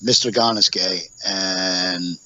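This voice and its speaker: A man's voice: sits low, fairly even intonation, slow pace, pushed and bright, dry recording, dull audio. A man in his forties, a guest on a podcast interview, telling rambling stories and acting out what others said, with laughs along the way. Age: 40s. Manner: rambling storyteller, acts out quotes with laughs. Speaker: guest, professional wrestler.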